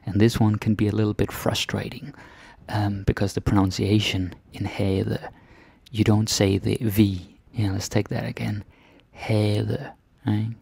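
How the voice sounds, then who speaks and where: Man, Danish accent, gravelly voice, chatty teacher, casual lesson. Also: lowish voice, level tone, moderate pace, darkish tone. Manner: chatty, drops in Danish tag words and little laughs.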